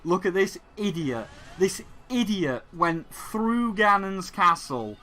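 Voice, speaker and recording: A man's voice: sits high, sing-song, slow pace, pushed and bright, pitched above the performer's own voice, heavily acted. A man voicing a video game as a sneering figure that taunts and insults the player. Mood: mocking. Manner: jeering, insulting.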